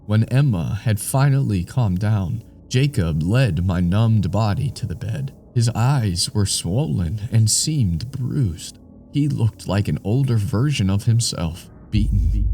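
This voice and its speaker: A man reading a scripted first-person horror story in a deliberate, ominous way. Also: fairly low pitch, lively intonation, mellow, a little hiss or hum.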